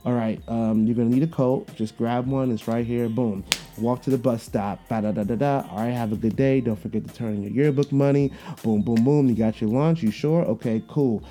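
A man in his thirties hosting a podcast, telling a casual story about his kids, animated and full of fillers, acting out their voices. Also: mid-range voice, a little fast, soft background music. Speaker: podcast host.

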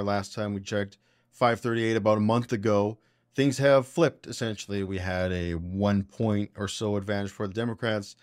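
A man's voice: lowish voice, clean tone, no echo, studio quality. A man hosting a podcast, giving casual, blunt and opinionated political commentary. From Canada. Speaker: podcast host.

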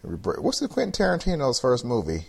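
A man co-hosting a casual podcast, teasing and chiming in, with a husky voice. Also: medium pitch, huge pitch swings, moderate pace, darkish tone. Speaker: podcast co-host. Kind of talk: casual chat.

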